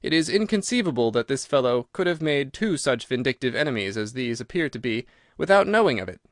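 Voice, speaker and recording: A man doing a crisp, assured detective. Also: medium pitch, sing-song, a little fast, no room sound, studio quality, lightly acted. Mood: explaining. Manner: crisp, clipped, lecturing. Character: sharp, cool male detective, brisk and assured.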